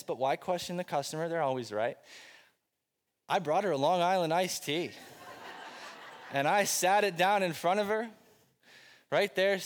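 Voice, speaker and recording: A middle-aged pastor preaching a sermon, telling funny personal stories in a loose, conversational way before turning earnest. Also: male voice, high voice. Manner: conversational storytelling, self-deprecating humor. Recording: long reverb of a large hall.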